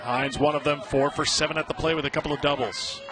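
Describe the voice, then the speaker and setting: A man calling a youth softball game play by play, upbeat and lifting his voice on big plays. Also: on the high side, steady tone, quick pace. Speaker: play-by-play announcer. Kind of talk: live baseball commentary. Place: outdoor ballpark broadcast booth. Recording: crowd noise and outdoor din. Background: crowd and outdoor ambience.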